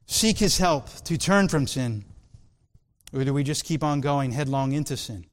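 A man preaching a sermon in an earnest, emphatic way, drawing out key words slowly. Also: fairly high pitch, clean tone. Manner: earnest, emphatic, with slow drawn-out stresses.

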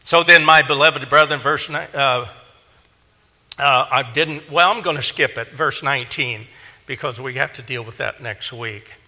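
A man preaching a sermon, earnest, swelling to emphatic peaks and then dropping low. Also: moderate pace, sharp tone. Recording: long hall reverb.

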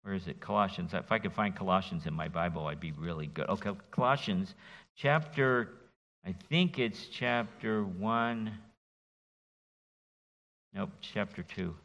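A middle-aged pastor giving an expository sermon in a church, animated and folksy, joking with his congregation. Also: low-pitched, a little slow, vocal fry, muffled recording. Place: church sanctuary. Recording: reverberant church hall.

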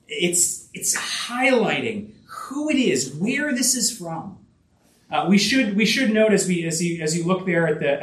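A man preaches a sermon with a high, animated voice that rises and falls widely. He leans on repetition and emphasis, often restarting phrases with fillers. The sound is roomy and caught from some distance away. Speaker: pastor.

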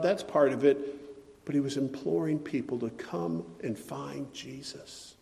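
A man preaching a sermon with impassioned, pleading delivery that swings between loud and soft. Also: a little high, measured pace, vocal fry. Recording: long hall reverb.

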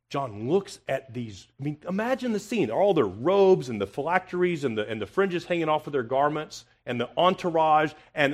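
Husky preacher man, dramatic sermon. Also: a little high. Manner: confrontational, rhetorical questions, swings from loud to hushed. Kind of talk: expository sermon.

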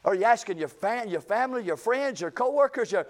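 Male pastor, high-pitched, chatty, emphatic preaching. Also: expressive, fairly quick. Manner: folksy, conversational preaching with rising emphatic runs. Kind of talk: sermon.

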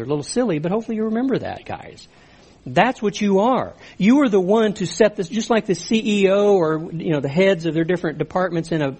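A pastor with a fairly high, slightly mellow voice preaches an earnest sermon. He stresses his points with rising emphasis and makes asides directly to the men in the congregation.

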